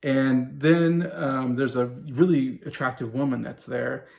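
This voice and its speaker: A man of about forty reviews a TV show a little slowly, his mid-range voice steady, creaky, and darkish in tone. He rambles loosely, with plenty of fillers and small chuckles.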